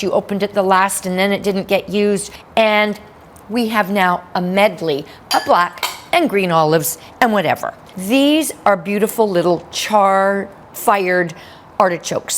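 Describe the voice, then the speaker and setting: A woman's voice: mid-range voice, slight background noise. A woman giving an upbeat cooking demonstration in a kitchen, chatting with playful asides.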